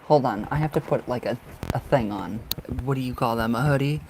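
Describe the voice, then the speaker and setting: A man's voice: mid-range voice, a little fast, creaky, very noisy. A man doing live-stream tarot readings, chatty and giggly, who calls viewers by name and sounds cold and bundled up. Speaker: tarot reader.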